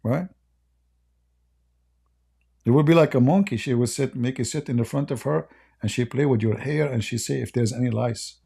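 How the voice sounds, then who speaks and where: A man's voice: medium pitch, moderate pace, gravelly, pauses often, mellow, breathy edge. A man whose first language is Arabic, speaking in a rambling, joking and mocking way with broken English. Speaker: online commentator. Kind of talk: casual joking monologue.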